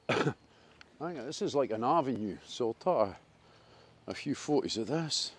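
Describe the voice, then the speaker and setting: A man's voice: mid-range voice, expressive, a little slow, husky. A man with a Scottish accent chatting casually as he walks through a wooded park, enthusiastic and rambling about trees and nature. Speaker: vlogger. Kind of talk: casual walking commentary.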